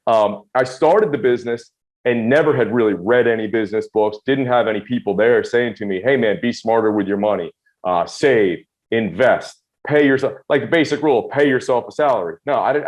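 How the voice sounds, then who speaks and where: A man in his forties telling his own story in an interview, quick, emphatic and self-deprecating. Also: medium pitch, lo-fi sound. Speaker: guest.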